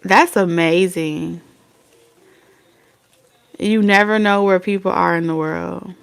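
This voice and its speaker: A woman's voice: lowish voice, steady tone, slow pace, vocal fry, clean tone. A woman hosting a live tarot reading, chatting casually and folksily with her viewers. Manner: chatty, reads out viewer comments, folksy slang. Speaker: tarot reader.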